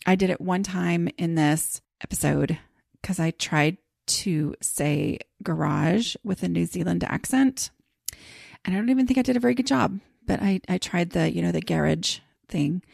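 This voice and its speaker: Woman, podcast host, casual rambling chat, vocal fry, dry close sound. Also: fairly low pitch, normal speed, darkish tone, dry recording. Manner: chatty, rambling with many fillers.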